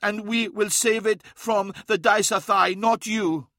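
A man's voice: sits high, a little slow, pushed and bright, no room sound, studio quality, voice pushed up, heavily acted. A man voicing a defiant, fervent old male tribal elder in an audiobook. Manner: fervent, proud.

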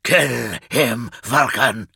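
A bitter, brooding warrior with a low, snarling voice, voiced by a male audiobook narrator. He sounds forceful and tense, muttering darkly in a dry, close-miked read. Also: big pitch swings, extremely slow, breathy edge, no room sound, exaggerated voice.

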